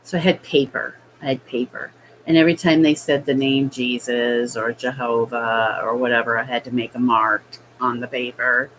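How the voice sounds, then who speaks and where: Woman vlogger, low voice, slow halting storytelling, faint noise behind. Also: steady tone, a bit bright, rough recording. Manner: slow, hesitant, halting with fillers. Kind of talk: personal storytelling.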